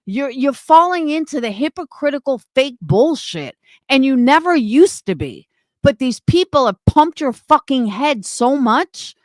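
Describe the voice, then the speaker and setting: A woman on a livestream, venting in an angry, confrontational tirade full of profanity. Her voice sits a little high and leaps all over the place as she pushes back. The sound is dry, with no room around it. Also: expressive, a little slow, dry recording. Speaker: streamer. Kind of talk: livestream rant.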